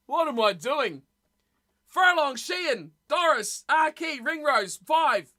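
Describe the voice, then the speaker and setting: A woman's voice: high-pitched, expressive, slow, sharp tone. A woman streamer chatting casually with her live chat, blunt and opinionated, often losing her train of thought.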